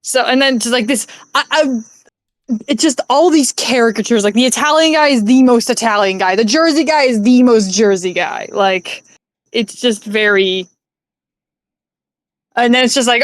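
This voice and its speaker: Woman streamer, higher voice, rambling casual movie chat, dry close mic. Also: lively intonation, normal speed, no echo. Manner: rambling, laughing, lots of fillers and swearing.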